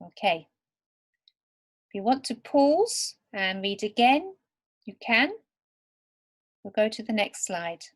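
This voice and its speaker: Very slow, deliberate woman teacher. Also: medium pitch, sing-song. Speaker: English teacher. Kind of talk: slow, clear lesson for beginner learners.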